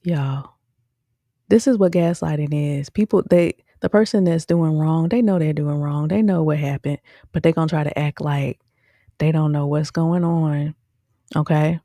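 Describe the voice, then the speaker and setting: Speaking at a normal speed in a low register, this woman reviews a show with no room sound behind her. It's loose, lively commentary aimed straight at "y'all," peppered with "um" and "okay?"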